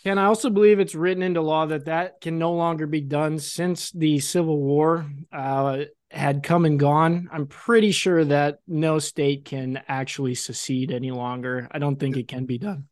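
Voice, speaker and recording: A man's voice: on the high side, steady tone, normal speed, hardly any pauses. A man co-hosting a casual podcast chat, rambling and joking and often laughing. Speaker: podcast co-host.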